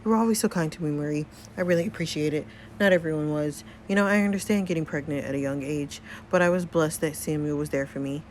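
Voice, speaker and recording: A woman's voice: deep voice, fast talker, hardly any pauses, darkish tone, slight background noise, lightly acted. A woman voicing a weary middle-aged mother in a story game, hesitant and apologetic.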